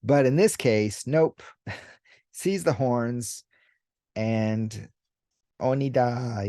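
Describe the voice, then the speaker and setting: A man hosting a casual commentary video, talking in a relaxed, unhurried way with many fillers and now and then acting out characters' lines. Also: mid-range voice, no room sound, clean studio sound. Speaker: YouTube host discussing manga.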